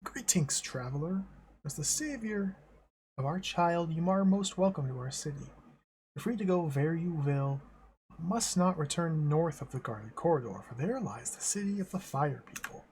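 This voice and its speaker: A man's voice: a little high, normal speed, a little mellow, slight background noise, lightly acted. A man reading as an imperious ice queen. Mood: stately.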